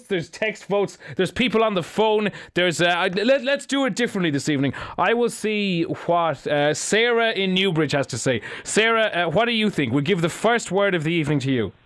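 A man's voice: sits high, fairly bright tone, no room sound. A man hosting a radio show, bantering playfully with mock boasts and plenty of fillers. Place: radio studio.

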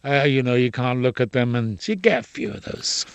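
An older man, an actor, telling indignant, expressive anecdotes in an interview. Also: medium pitch, normal speed, clear, resonant tone, no room sound. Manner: expressive, indignant storyteller with quoted voices.

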